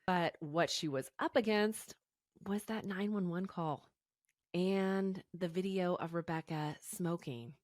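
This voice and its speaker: A woman co-hosts a true-crime podcast in a low, unhurried voice, walking a friend through the case with easy fillers. The sound is close and dry, with no room around it. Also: darkish tone, dry recording. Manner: chatty, storytelling with fillers like "you know". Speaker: podcast co-host. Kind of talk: casual true-crime chat.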